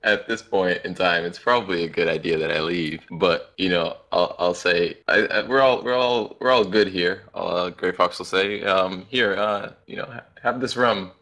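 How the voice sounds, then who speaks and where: A man's voice: low voice, moderate pace, hardly any pauses, fairly bright tone. A man playing a tabletop game, talking hesitantly and often restarting his sentences. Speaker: player. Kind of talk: casual tabletop play.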